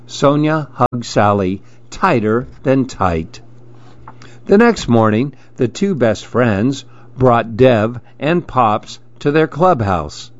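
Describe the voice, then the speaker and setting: A man reading children's picture books aloud, gently lifting his voice for the children's lines. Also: medium pitch, no room sound, muffled recording. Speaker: storybook reader.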